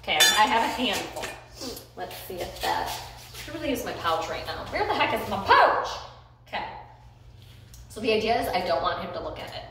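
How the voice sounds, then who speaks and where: A woman's voice: mid-range voice, very animated, moderate pace, long pauses, noisy background. A young woman, a dog trainer, chatting through a training session in a loose, upbeat way with many fillers. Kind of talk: casual instructional narration. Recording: roomy, distant phone or camera mic.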